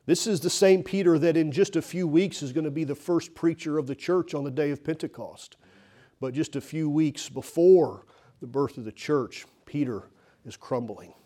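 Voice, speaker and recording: A man's voice: fairly high pitch, moderate pace, warm tone. A man preaching a sermon as pastor, telling the story with emphatic, rising and falling delivery. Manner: emphatic storytelling, voice rises and falls.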